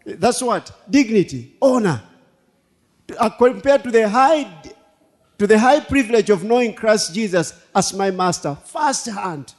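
A man preaching a sermon as pastor, animated, laughing and repeating himself for emphasis. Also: sits high, measured pace. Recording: long hall reverb.

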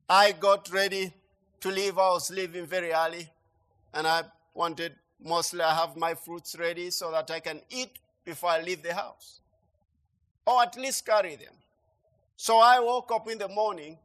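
A man preaching a sermon, emphatic and repetitive, swinging between quiet asides and loud declarations. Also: high voice.

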